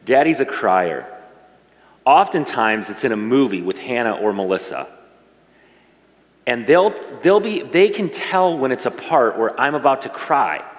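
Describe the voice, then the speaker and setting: A man's voice: medium pitch, big pitch swings, a little slow. Conversational male pastor in echoey hall. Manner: conversational, emotional, speaks to congregation directly. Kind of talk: sermon. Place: church sanctuary. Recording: reverberant church hall.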